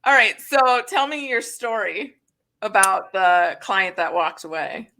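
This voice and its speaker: A woman hosting a casual interview, asking questions and encouraging her guest with quick replies. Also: mid-range voice, vocal fry, bright, forceful tone. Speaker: interview host.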